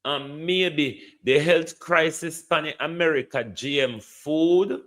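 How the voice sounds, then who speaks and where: A man's voice: on the high side, takes it slowly, fairly bright tone. A Jamaican man hosting a commentary show, making impassioned appeals to the government and answering listeners. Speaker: host.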